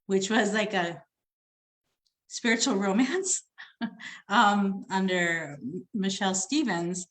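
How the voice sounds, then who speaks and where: Chatty woman author, easy laugh. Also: medium pitch. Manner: chatty, warm laughs, repeats herself. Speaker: romance author guest. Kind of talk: casual chat.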